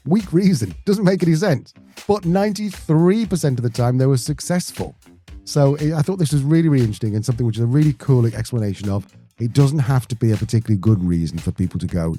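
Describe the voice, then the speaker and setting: A man's voice: medium pitch, expressive, fast talker, warm tone, soft background music. A man co-hosting a podcast in a chatty, joking way, often breaking off and restarting his sentences. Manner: chatty, jokey, self-interrupting. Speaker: podcast co-host. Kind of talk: casual podcast chat.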